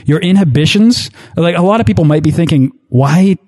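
A man's voice: on the high side, lively intonation, brisk, darkish tone. A man hosting a travel podcast interview, speaking with encouraging enthusiasm. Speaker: podcast host.

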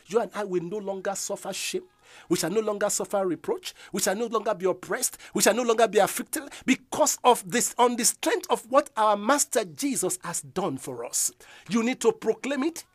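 A man preaching a fiery sermon, emphatic and repetitive, building to loud proclamations. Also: high voice, lively intonation, normal speed, no echo, studio quality. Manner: emphatic, repeats declarations, rises to loud proclamations.

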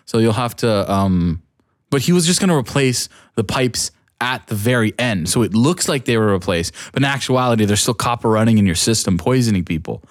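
Animated man ranting in casual chat. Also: medium pitch, a little fast. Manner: animated, rambling, gets worked up.

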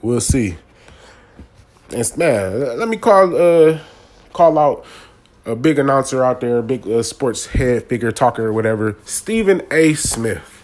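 A man's voice: mid-range voice, animated, unhurried, darkish tone. A man, ranting casually and animatedly about a sports game in slangy talk. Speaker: sports commentator.

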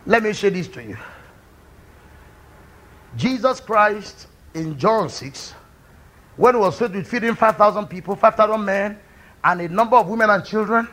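Pastor preaching hard, high raspy voice, bright edge, yells now and then. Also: male voice, expressive, normal speed, long pauses. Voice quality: high, gravelly and husky, with shouted peaks. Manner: fervent preaching, swings from quiet to loud cries. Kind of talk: sermon.

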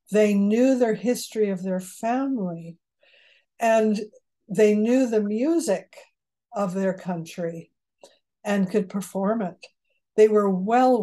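Brief: older woman, warm dark tone, easygoing storyteller in an interview. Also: medium pitch. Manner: storytelling, chuckles at her own jokes. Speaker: genealogist guest. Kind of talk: conversational interview.

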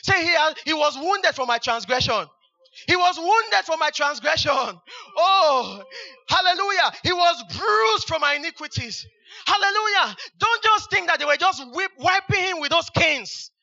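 A high, very bright male preacher, exclaiming hallelujah over and over between verses. His voice is sharp and piercing, and the recording is dull and lo-fi. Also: expressive, moderate pace. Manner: exclamatory, repeats hallelujah, fervent. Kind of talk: sermon.

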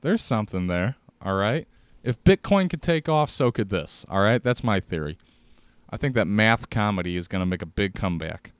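Profane deep-voiced Chicago man rambling. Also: animated, normal speed, clean tone, dry recording. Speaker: podcast host. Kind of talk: casual solo podcast rambling.

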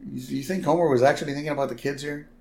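A man's voice: a little high, steady tone, rapid-fire, vocal fry. A man co-hosting a podcast, recapping an episode in casual chat and slipping into playful voices. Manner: does playful character voices while recapping. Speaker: podcast co-host.

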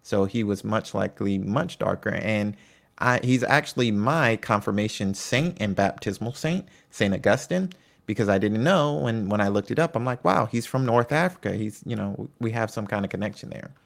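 A middle-aged man with a low, gravelly voice gives an informal lesson. He reads from prepared notes and breaks off into casual, chatty remarks. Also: moderate pace. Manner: reads notes then adds chatty asides. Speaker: lecturer. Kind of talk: casual educational talk.

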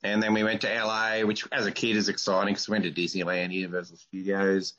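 A man's voice: on the low side, little pitch movement, fast talker, fairly bright tone, muffled recording. A man in his forties with an Australian accent, hosting a casual podcast interview with blunt, crude teasing. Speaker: podcast host.

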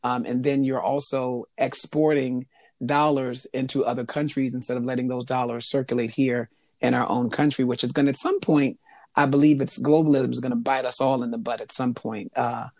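Man mid pitch, guest in an interview, lots of ums, dry close sound. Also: fairly even intonation, darkish tone, dry recording. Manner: thoughtful, halting with frequent ums. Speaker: interview guest, jewelry maker. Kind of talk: conversational interview.

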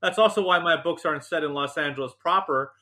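A male writer being interviewed, telling animated, self-deprecating stories with jokes. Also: a little high, fast. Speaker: novelist and TV writer, guest. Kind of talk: interview, anecdotal storytelling.

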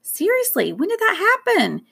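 A woman's voice: medium pitch, expressive, normal speed, a bit bright. A woman doing a blunt, wisecracking schoolboy. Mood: joking. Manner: blunt, joking, offhand.

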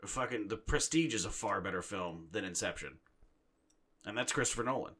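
Ranting, profane man with a low voice. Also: expressive, normal speed, pushed and bright. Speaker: podcast co-host. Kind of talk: casual chat.

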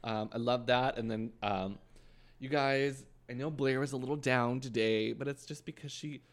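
A man's voice: fairly even intonation, moderate pace. A man co-hosting a podcast, chatting casually about a TV show and quoting lines with big swings in his voice. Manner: quotes lines with big swoops in pitch. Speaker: podcast co-host. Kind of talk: casual chat reviewing a TV show.

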